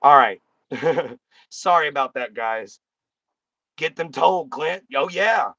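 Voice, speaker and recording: A man's voice: fairly high pitch, animated, slow pace, sharp tone, no echo, lo-fi sound. A man hosting a casual live stream, talking bluntly and folksily straight to his chat.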